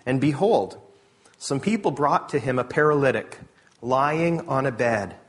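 Animated man preaching a sermon. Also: mid-range voice. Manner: animated, conversational, self-correcting with quick asides. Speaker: pastor.

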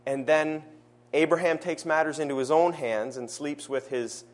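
Earnest preacher, a man with a higher voice. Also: fairly even intonation. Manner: earnest, slows down to stress key phrases. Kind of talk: sermon.

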